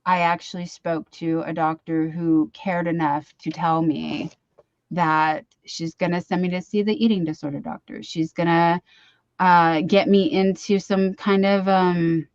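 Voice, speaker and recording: A woman's voice: lowish voice, a little mellow, dry recording, lo-fi sound. A middle-aged woman hosting a casual live-stream chat from home, chatty and easily sidetracked, often poking fun at herself. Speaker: livestream host. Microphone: computer mic for a live stream.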